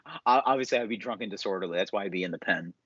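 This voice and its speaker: A man's voice: lowish voice, racing, a bit bright, slightly rough, dry recording. A young man co-hosting a podcast in loose casual chat, rambling, swearing and laughing often. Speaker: podcast co-host. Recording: dull, dry, lo-fi podcast mic.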